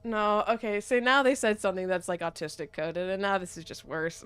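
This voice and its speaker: A woman streamer giving casual gameplay commentary, with animated, sweary rants broken up by laughter. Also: mid-range voice, fairly quick, hardly any pauses, clean tone, no room sound.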